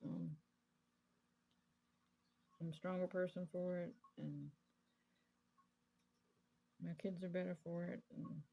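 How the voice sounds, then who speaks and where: A woman's voice: on the low side, fairly even intonation, takes it slowly, creaky, pauses often, mellow, husky, low-quality recording. A woman in her thirties casually telling a candid, rambling personal story, full of fillers, while crafting at her desk. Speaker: crafting vlogger.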